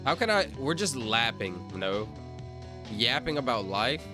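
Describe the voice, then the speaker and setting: Lively rambling male streamer. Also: mid-range voice, measured pace, music in the background. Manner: rambling, self-interrupting, reads chat aloud. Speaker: livestreamer. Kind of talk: casual livestream chat.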